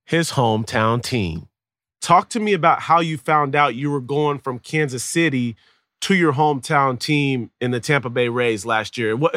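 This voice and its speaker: A man's voice: medium pitch, a bit bright, no room sound, studio quality. A man hosting a sports interview and asking a guest friendly questions.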